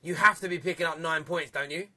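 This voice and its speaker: A man hosting a live football phone-in, chatty and upbeat, quick to laugh with callers. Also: a little high, steady tone, sharp tone. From England. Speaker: phone-in show host.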